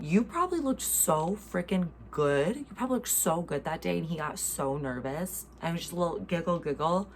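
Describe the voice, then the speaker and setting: Chatty American woman, low-voiced. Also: a little hiss or hum. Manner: chatty, filler-heavy, playful gushing. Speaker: host. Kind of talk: casual reaction chat.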